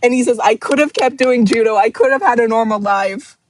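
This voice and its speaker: A woman with a high-ish voice talks fairly quickly over slight background noise. Hosting a casual live book club stream at her screen, glasses on, she grows emotional as she rereads passages, laughing and nearly crying.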